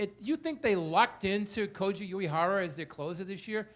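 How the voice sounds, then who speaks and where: A man's voice: sits high, animated, normal speed, fairly bright tone. A man on a panel analyzing baseball, firing off rhetorical questions in an argumentative way. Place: hotel event room.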